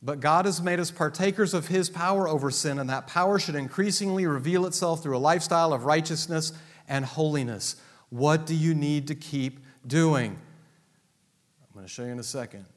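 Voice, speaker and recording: Male pastor, sermon, emphatic, fairly high voice, long hall reverb. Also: normal speed. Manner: emphatic, swings from loud declarations to low asides.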